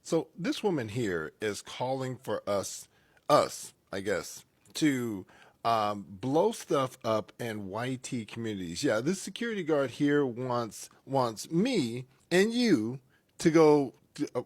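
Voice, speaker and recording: Male reaction commentator; sarcastic and mocking, very animated pitch, dry sound. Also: takes it slowly, no echo.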